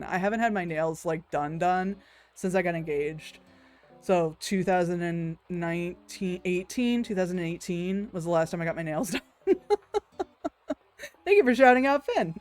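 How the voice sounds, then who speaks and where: A woman's voice: fairly low pitch, darkish tone. Giggly woman streamer chatting. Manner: giggly, swears freely, coos over cute things. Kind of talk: casual chat with stream viewers.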